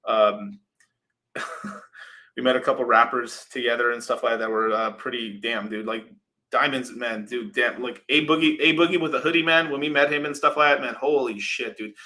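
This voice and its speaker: A man's voice: medium pitch, normal speed, bright, forceful tone. A young man hosting a casual crypto livestream, rambling loosely, swearing freely and reading out viewer super chats.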